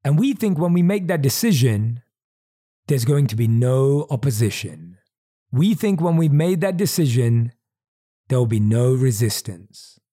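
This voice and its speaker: A man's voice: medium pitch, warm tone, slightly rough. A man hosting a podcast in a motivational monologue, earnest and emphatic, repeating key phrases, recorded on a desk microphone. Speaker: podcast host. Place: at his desk.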